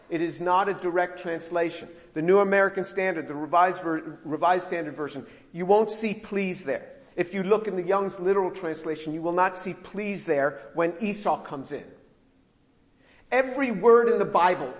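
A man with a high-pitched voice teaches scripture verse by verse. He explains patiently, repeats key phrases for emphasis and drops in wry asides. His voice rings out with a long reverb, as in a large hall. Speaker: Bible teacher.

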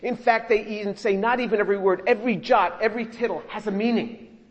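High-voiced man teaching scripture in a reverberant hall. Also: quick pace, highs cut off. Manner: explanatory, repeats phrases for emphasis, wry asides. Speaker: Bible teacher. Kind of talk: verse-by-verse Bible teaching.

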